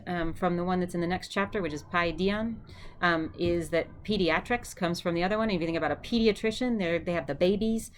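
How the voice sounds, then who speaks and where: A woman's voice: lowish voice, a little hiss or hum. A woman teaching vocabulary in a chatty way, repeating each word for her students to echo back. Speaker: Greek teacher. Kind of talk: vocabulary lesson.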